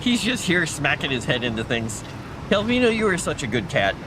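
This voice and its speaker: Guy streaming a game from home, chatty, coos at his cat, voice jumps around, fairly high, noisy mic. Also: big pitch swings, fairly quick. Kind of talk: casual game stream chat. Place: home, indoors.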